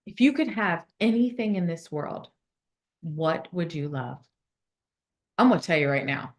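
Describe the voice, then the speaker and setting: Slow-talking woman, kinda low voice, calm motivational speaker guiding a meditation in a conference room. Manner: warm, slow and soothing when guiding the meditation. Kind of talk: motivational talk and guided visualization. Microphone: phone.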